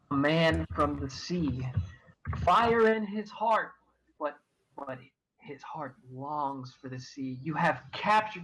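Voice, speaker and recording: A man's voice: a little high, bright, forceful tone, full character voice, rough recording. A man voicing an emotional female water genasi noble who speaks in a formal, flowery, earnest way.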